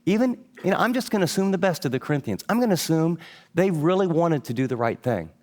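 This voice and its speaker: An emphatic middle-aged man preaching a sermon, pressing each point as he teaches from notes. His voice sits a touch higher than most men's. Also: lively intonation, fast talker, darkish tone. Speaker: pastor.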